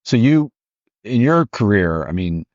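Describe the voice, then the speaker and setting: A man's voice: on the low side, sing-song, a little slow, a little mellow, no room sound. A man hosting a podcast, asking questions in an eager, affirming way. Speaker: podcast host. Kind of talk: interview. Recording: dull lo-fi podcast audio.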